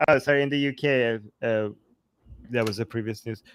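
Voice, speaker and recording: A man's voice: medium pitch, fairly even intonation, brisk, a bit bright, clean tone. A man co-hosting a casual talk show, mocking and giggly, rambling with many fillers. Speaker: co-host. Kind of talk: casual chat.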